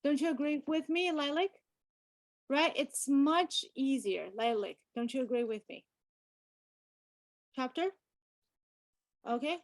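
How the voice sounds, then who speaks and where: A woman teaches math in an online lesson, explaining each step slowly and checking in with her students. She switches between English and Mandarin and scolds in a playful way. Her voice sits fairly high and sounds dry and close to the mic. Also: dry recording. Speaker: math tutor.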